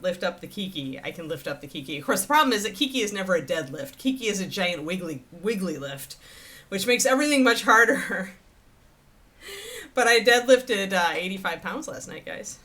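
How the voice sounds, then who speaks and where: A woman hosts a casual livestream and chats freely with her viewers, wandering from topic to topic. Her voice is bright and clear. Her pitch moves a lot, so she sounds lively. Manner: chatty, rambling, talks to the chat and her dog. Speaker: host of a miniature painting livestream.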